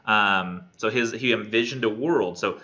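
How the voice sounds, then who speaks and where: A man teaching a college English class, animated and joking. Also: fairly low pitch, measured pace. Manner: animated, joking, self-deprecating. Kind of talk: jokey classroom lecture. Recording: muffled lo-fi classroom recording.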